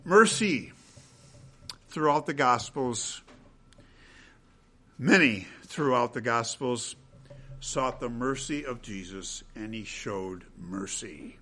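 A man preaching a sermon as pastor, swinging between loud emphatic peaks and hushed low passages, with rhetorical questions. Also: animated, slow, pauses often.

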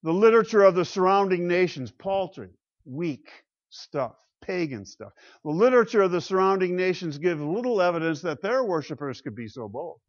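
A man giving a classroom lecture on the Psalms, emphatic and animated, with rhetorical questions and chuckles. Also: sits high, moderate pace, lo-fi sound. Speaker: Bible lecturer.

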